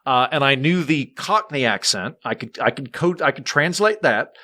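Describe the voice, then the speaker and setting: An American man, a comedian, chatting as a podcast guest in an animated, rambling, jokey way. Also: medium pitch, normal speed. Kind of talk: casual chat.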